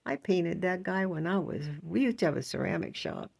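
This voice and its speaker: A woman's voice: on the low side, animated, fairly quick, creaky, darkish tone. An older woman vlogging in a casual, rambling monologue, indignant and chatty, with frequent laughs.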